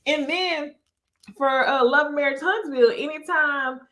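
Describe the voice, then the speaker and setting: A woman from Texas, with a slight accent and a high, somewhat bright voice at normal speed, hosts a casual live stream on her YouTube channel. She chats with viewers and laughs often.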